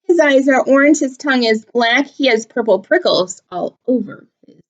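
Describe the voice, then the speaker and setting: A woman teacher reading a picture book aloud to children, animated and expressive. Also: high voice, moderate pace, highs cut off. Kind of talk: storybook read-aloud for children.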